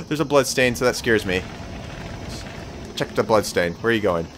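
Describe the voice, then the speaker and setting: A young man talks through his video game as he plays, excitable and swearing freely. His pitch swings widely as he mutters and cheers to himself. A faint background noise sits under the recording. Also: normal speed. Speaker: gameplay commentator. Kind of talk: let's play commentary.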